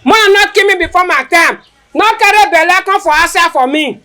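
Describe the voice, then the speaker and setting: A woman's voice: very high voice, brisk, pushed and bright. A Nigerian woman playing a grieving widowed parent, wearily pleading with the children in Pidgin. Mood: weary. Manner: weary, pleading.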